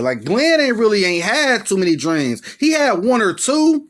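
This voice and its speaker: A young man talks through a horror film's plot in a loose, slangy way and swears freely. His voice sits high, and he jumps into the characters' lines as he goes. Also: big pitch swings, moderate pace, fairly bright tone. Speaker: movie reviewer. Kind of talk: casual plot recap.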